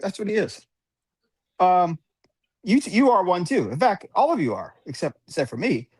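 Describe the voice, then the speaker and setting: A man's voice: high-pitched, big pitch swings, moderate pace, husky, dry recording. A man hosting a casual live call-in chat, joking and laughing through crude banter. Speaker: host.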